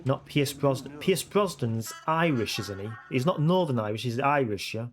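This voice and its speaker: Male streamer, rambling casual chat, mid-pitched voice, keeps checking in with viewers. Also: expressive, moderate pace, slight background noise. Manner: rambling, keeps tagging "yeah?" onto sentences. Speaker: game streamer.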